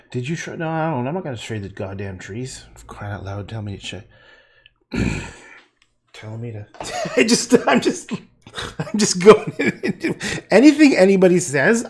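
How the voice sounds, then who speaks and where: A middle-aged man chatting casually and gruffly while he paints on a livestream, swearing and laughing often. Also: fairly high pitch.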